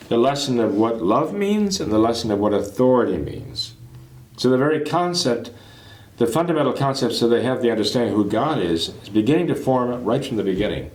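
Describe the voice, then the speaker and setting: A man gives a catechism lesson, making his points through everyday family anecdotes. His voice sits in a middle register and has a relaxed, chatty manner. The recording has a noticeable roomy echo. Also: medium pitch. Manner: conversational, explains with homely hypothetical examples. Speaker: catechism teacher.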